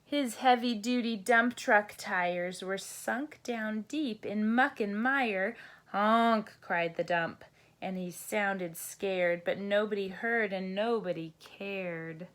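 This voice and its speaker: Casting: woman teacher reading a bedtime story to children, gentle, sing-song, very slow and unhurried. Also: mid-range voice. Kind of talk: children's storybook read-aloud.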